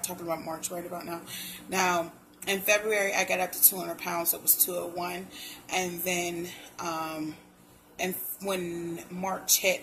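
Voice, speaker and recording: A woman's voice: mid-range voice, a bit bright, slight background noise, poor audio. A young woman talking casually to her viewers in a pregnancy vlog, loose and chatty, calling them y'all. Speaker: pregnancy vlogger. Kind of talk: casual chat to camera.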